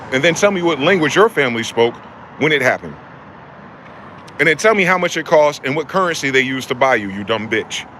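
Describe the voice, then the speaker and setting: A man's voice: mid-range voice, a bit bright. Profane ranting man outdoors by traffic. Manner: profane, confrontational, repetitive rhetorical questions. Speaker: vlogger. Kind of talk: angry ranting monologue.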